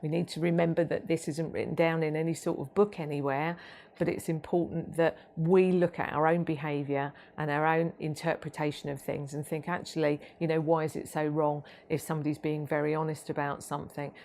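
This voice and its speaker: A woman giving a training talk about autism, measured and explanatory, with frequent ums and restarts. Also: low voice, flat delivery, darkish tone.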